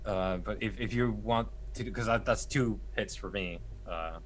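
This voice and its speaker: A man's voice: on the low side, measured pace, a little hiss or hum. A man talking as a player in a tabletop game, eagerly laying out plans. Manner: eager, laughing between plans.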